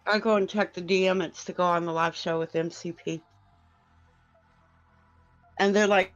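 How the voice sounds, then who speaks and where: Woman hosting a horror podcast, giggly and animated, kinda dull lo-fi sound. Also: on the low side, normal speed, long pauses, soft background music. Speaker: podcast host. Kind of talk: casual storytelling chat.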